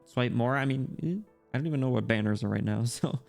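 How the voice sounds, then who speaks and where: A man's voice: medium pitch, a little fast, creaky, hardly any pauses, soft background music. A man streaming a game, chatting casually with viewers and reading story text aloud, with lots of filler words. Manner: chatty, talks directly to viewers, frequent "like" fillers; reads story text aloud in a softer, quieter voice.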